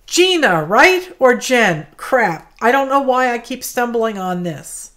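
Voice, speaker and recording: A woman talks through a craft project on a livestream in a relaxed, slow-paced way. She keeps up friendly chatter, greeting and thanking her viewers by name. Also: fairly high pitch. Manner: chatty, greets viewers by name, apologetic about mispronouncing names. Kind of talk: chatty live craft demonstration. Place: home craft studio.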